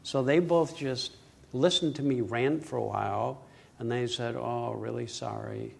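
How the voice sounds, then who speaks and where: An older man telling a personal story in an animated way, acting out his own panic. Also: medium pitch, unhurried, creaky, slight background noise. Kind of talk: storytelling talk.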